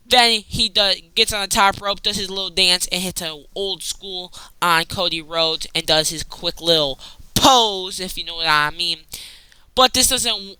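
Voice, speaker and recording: A young man giving a casual, rambling, excitable recap as a wrestling fan, often calling people "bro". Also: high-pitched, clean tone, no echo, poor audio.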